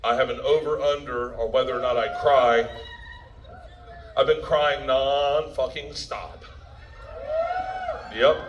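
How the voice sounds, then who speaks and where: A man's voice: medium pitch, steady tone, takes it slowly, long pauses, noisy background. A middle-aged man, a comedian, telling rowdy, profane stories to a live crowd and laughing as he goes. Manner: loud, profane, laughing as he tells it. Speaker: comedian addressing a premiere crowd. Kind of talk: rowdy live stand-up storytelling.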